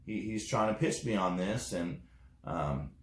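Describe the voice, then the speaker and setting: A network marketing distributor with a deep, lively voice tells his testimonial story a little slowly, in a roomy-sounding space. He rambles casually with lots of fillers and acts out the dialogue he quotes.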